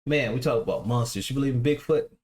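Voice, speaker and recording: A man's voice: medium pitch, quick pace, darkish tone, soft background music. A man hosting a reaction video, telling a rambling childhood story in casual slang and often restarting his sentences.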